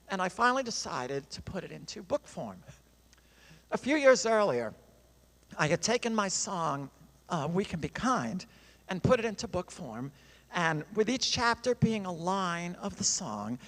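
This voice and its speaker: Expressive male storyteller in a reverberant church. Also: high voice. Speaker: songwriter and guest speaker. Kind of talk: sermon storytelling. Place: church sanctuary. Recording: long reverb in a large hall.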